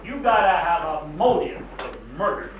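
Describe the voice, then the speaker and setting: An actor playing a sardonic, polished worldly traveler in an old film. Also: male voice, sits high, moderate pace, a little hiss or hum, natural voice. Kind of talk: 1940s film acting. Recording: echoey, distant, dull old film soundtrack.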